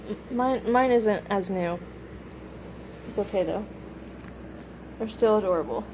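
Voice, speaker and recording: A young woman filming a casual unboxing vlog at home, gushing and a bit self-conscious, her voice slightly rough from a cold. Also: on the high side, a little mellow, a little hiss or hum, low-quality recording. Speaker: vlogger unboxing plush toys. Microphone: camera or phone camera.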